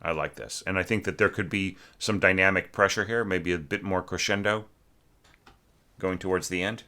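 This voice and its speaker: Deep, rambling man critiquing a score. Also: fairly even intonation, normal speed, sharp tone. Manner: rambling, full of fillers, sings musical figures. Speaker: orchestration teacher. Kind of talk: spoken critique of a student score.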